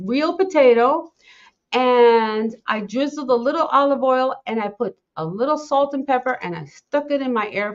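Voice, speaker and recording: A middle-aged woman hosting a podcast, talking in an impassioned, rambling way and repeating herself. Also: on the high side. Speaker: podcast host. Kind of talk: casual talk. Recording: dull lo-fi sound.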